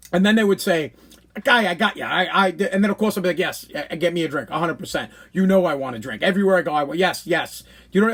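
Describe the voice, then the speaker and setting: Rambling, excitable man telling a story. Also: sits high, slightly rough. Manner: rambling, animated, repeats words when excited. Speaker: podcast host. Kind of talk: casual storytelling monologue.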